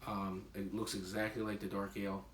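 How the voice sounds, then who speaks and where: A man tastes and reviews his own homebrewed beer in a casual vlog, rambling with lots of fillers and self-deprecating asides. His voice is fairly low and flat, a bit fast, and he's far from the mic. The recording is roomy and noisy.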